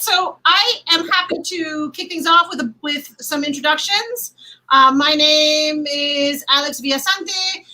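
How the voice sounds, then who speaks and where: A woman's voice: sits high, bright, forceful tone, poor audio. A woman moderating a casual livestream panel, chatty and playful, laughing often, on a video call from home.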